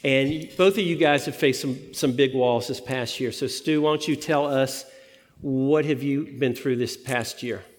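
A man's voice: mid-range voice, a little slow, long reverb tail. A man from the United States preaching a sermon, telling a story and acting out the voices in it. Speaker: pastor.

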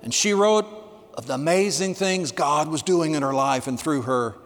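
A man in his sixties preaching a sermon, telling stories with emphasis and dropping quiet for the key lines. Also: on the high side, normal speed, big-room sound, soft background music. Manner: storytelling, emphatic, drops to quiet for punchlines. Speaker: pastor.

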